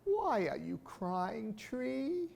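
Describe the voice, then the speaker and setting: A man voicing a kind, gentle young bear in a storybook reading. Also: very high-pitched, wildly swooping pitch, very slow, voice pushed up, heavily acted. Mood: whispering. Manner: gentle, earnest.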